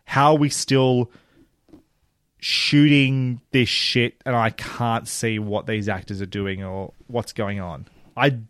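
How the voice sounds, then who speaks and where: A man, co-hosting a casual podcast chat about a TV show, animated and laughing often, swearing freely. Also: mid-range voice, slow, no room sound, clean studio sound. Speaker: podcast co-host.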